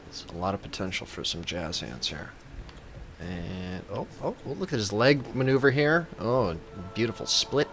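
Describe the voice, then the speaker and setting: Goofy guy narrating his game like a silly preacher, lowish voice but bright and punchy. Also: animated, moderate pace, a little hiss or hum. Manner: playful mock-reverent joking. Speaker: gaming YouTuber. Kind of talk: comedic gameplay commentary.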